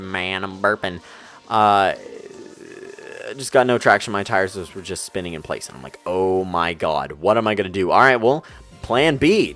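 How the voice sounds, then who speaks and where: A young man telling a story over gameplay commentary, rambling and excitable, talking fast. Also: on the low side. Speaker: gaming YouTuber. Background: faint music.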